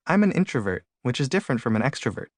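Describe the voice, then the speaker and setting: Storybook hedgehog, shy and earnest, quick explainer, as a male narrator puts it on. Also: mid-range voice, big pitch swings, no room sound.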